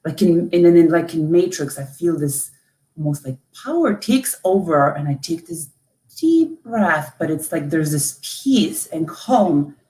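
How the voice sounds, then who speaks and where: A woman from Lithuania, a coach, telling a personal story in an interview with an emotional, halting delivery full of restarts. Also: deep voice, animated, warm tone, reverberant. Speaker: guest, coach.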